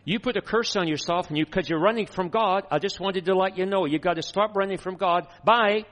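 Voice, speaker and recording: A woman's voice: mid-range voice, in a large hall, voice pushed up, close to an everyday voice. A man putting on a blunt Texan woman. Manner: blunt, drawn-out syllables. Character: brisk middle-aged Texan woman prophet, blunt.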